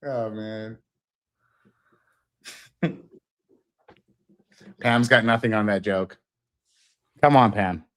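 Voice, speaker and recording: Male co-host, lower pitch, playful, quick to laugh, casual market banter. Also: a bit bright. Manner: joking, laughs a lot, reads out headlines.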